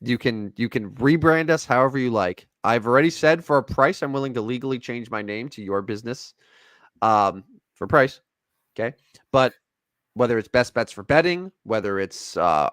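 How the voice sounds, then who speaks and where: A man's voice: mid-range voice, no echo. A man co-hosting a casual sports podcast, rambling and joking as he talks baseball and reads the show plugs. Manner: rambling, jokey, animated sign-off. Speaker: podcast co-host.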